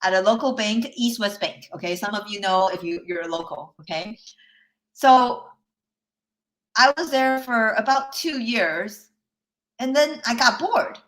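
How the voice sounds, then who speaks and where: Speaking at a measured pace in a slightly high, somewhat bright voice, this woman leads a live online workshop as a life coach. She chats through a personal story, checks in with listeners often, and laughs lightly between points.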